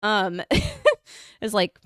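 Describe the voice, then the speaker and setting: A woman's voice: medium pitch, huge pitch swings, drawn-out words, a bit bright, no room sound, clean studio sound. A young woman co-hosting a podcast, telling a story in a rambling casual way, full of "like". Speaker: podcast co-host. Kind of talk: casual chat.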